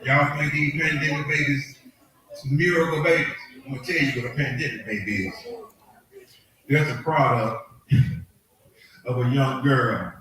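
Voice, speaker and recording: A man doing crude stand-up comedy, telling stories with animation and laughing through his punchlines. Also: mid-range voice. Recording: echoey far-off stage recording with loud crowd laughter. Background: audience laughter.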